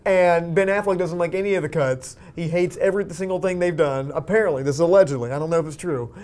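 A young man with a high voice talks casually about movies. He rambles, piling on fillers and restarts as he goes. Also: fast, darkish tone. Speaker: podcast co-host. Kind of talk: casual chat.

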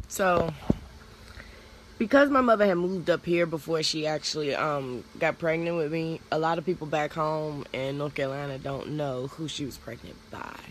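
A woman's voice: low voice, slight background noise. A young woman telling a personal story on her vlog in a blunt, candid, profane way. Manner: blunt, candid, profane, speeds up when worked up. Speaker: vlogger.

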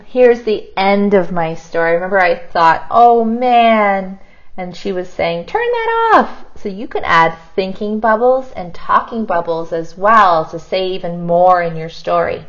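A woman teacher modeling kindergarten writing, thinking aloud and slowly sounding out each word as she writes. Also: fairly low pitch, highs cut off. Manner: slow, sounds words out while writing.

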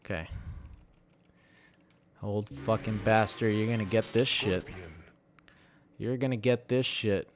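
A man's voice: fairly low pitch, steady tone, slow, pauses often, background noise. A man casually commenting on his own fighting-game match, often frustrated and swearing under his breath. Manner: frustrated, swearing, muttering to himself. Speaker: gaming streamer. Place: room at home.

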